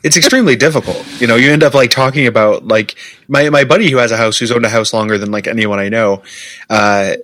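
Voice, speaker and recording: A man's voice: mid-range voice, steady tone, fast talker, fairly bright tone, no echo. A man co-hosting a podcast in casual chat, rambling with lots of fillers and frequent laughter. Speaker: podcast co-host.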